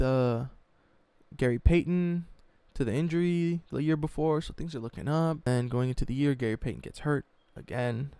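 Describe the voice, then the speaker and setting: A man telling a sports story in a mocking, animated, profane way, as a sports YouTuber. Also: medium pitch, creaky, dry recording.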